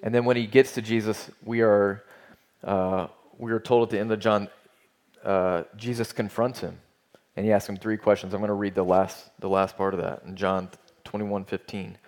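A man's voice: lowish voice, level tone, normal speed, a little mellow. Earnest male preacher. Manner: earnest, emphatic preaching with rhetorical questions and repetition. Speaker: pastor. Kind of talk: sermon.

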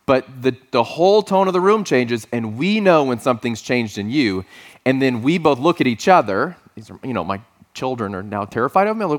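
A man's voice: medium pitch, big pitch swings, fairly quick. A man in his forties giving a sermon as a pastor, conversational and storytelling, with playful asides.

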